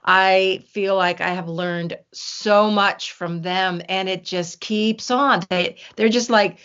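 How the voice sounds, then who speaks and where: A woman's voice: mid-range voice, fairly even intonation, slow, a bit bright, clean tone. An older woman, a guest herbalist, chatting in an interview, telling stories with many restarts. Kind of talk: casual interview chat. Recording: dull lo-fi sound.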